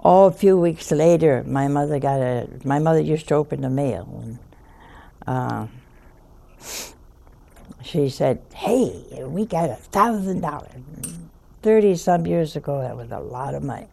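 An older woman telling a story in a slow, folksy way, chuckling as she goes. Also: very deep voice, creaky, warm tone. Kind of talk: storytelling talk.

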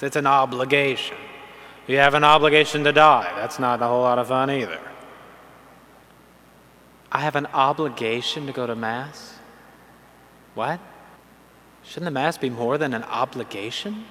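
A man preaching to an audience, telling a funny story in a lively way and then turning to earnest teaching. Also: mid-range voice, measured pace, long pauses, a little hiss or hum. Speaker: Catholic preacher. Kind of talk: humorous sermon to an audience. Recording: long hall reverb.

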